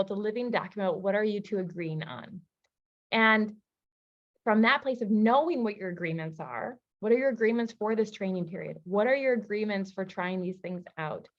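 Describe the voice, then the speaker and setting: A woman relationship coach teaching a masterclass, telling personal stories in a lively, casual way. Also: mid-range voice, muffled recording. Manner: lively storytelling, casual fillers.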